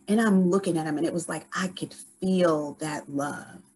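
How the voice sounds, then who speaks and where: A woman guest on a podcast telling a story in casual conversation, animated and full of restarts. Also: sits low, normal speed, slight background noise, poor audio.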